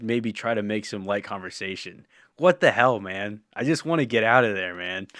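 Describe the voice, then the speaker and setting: A man with a lowish voice hosts a live-streamed podcast in a loose, rambling chat. He swears freely and laughs often. The sound is dry and close. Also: fairly bright tone, no room sound. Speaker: podcast host.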